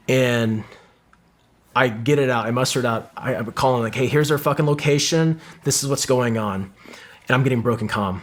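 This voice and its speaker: A man's voice: medium pitch, expressive, normal speed. A middle-aged man, a former Marine sniper, telling a vivid combat story in casual talk, with lots of swearing and acted-out quotes. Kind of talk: casual war story in an interview.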